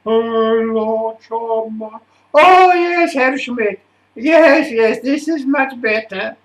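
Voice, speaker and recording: A man's voice: very high voice, takes it slowly, fairly bright tone, roomy sound, recorded from a distance, pitched above the performer's own voice, full character voice, rough recording. A man voicing a fussy male stage director in a squealing, exaggerated, pleading manner. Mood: relieved.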